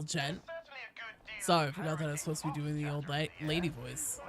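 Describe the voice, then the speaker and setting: A young woman streaming a game, chatting casually and greeting viewers with bursts of excitement. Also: sits low, a little fast. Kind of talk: casual gaming stream chat.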